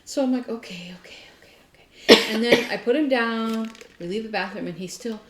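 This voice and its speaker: Woman, podcast co-host, casual animated storytelling, echoey room, faint background hiss. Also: fairly high pitch, a little fast. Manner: animated storytelling, mimics her cat. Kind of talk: casual chat.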